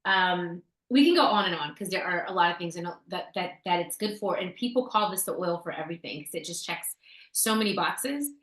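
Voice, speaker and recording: A woman's voice: fairly low pitch, animated, a little fast, a bit bright. A woman co-hosting a casual talk show, telling a story in a chatty way, with fillers and restarts. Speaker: podcast co-host sharing essential oil tips. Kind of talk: casual chat. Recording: roomy echo.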